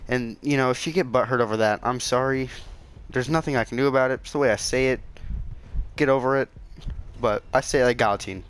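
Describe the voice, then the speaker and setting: A man talks casually to his gaming channel audience in a smooth, resonant voice of middling pitch. He sounds defensive and keeps circling back over the same point. He stutters and restarts his sentences often. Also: steady tone, fairly quick, pauses often. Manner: defensive, repeats himself, stutters. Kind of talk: casual rambling to camera. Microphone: console game capture.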